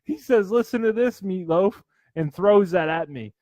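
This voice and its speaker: A man co-hosting a casual comedy podcast, telling animated stories, swearing a lot and laughing often. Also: sits high, moderate pace, no room sound. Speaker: podcast co-host.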